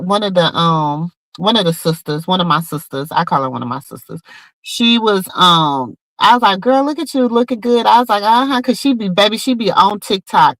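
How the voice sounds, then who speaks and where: A woman hosting a casual gossip show, talking straight to her viewers in an animated, chatty way. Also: lowish voice, dry recording, poor audio. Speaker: podcast host.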